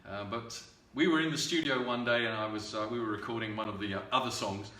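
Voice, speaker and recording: Singer-songwriter telling an unhurried story. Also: male voice, fairly low pitch, sharp tone, roomy sound, recorded from a distance. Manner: unhurried, halting storytelling with many ums and uhs. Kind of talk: anecdote before a song at a livestreamed concert. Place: at home.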